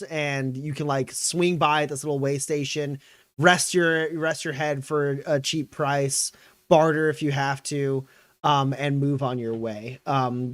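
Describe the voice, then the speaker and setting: A man's voice: on the high side, dry recording. A man narrating as game master of a tabletop game, rambling with many fillers.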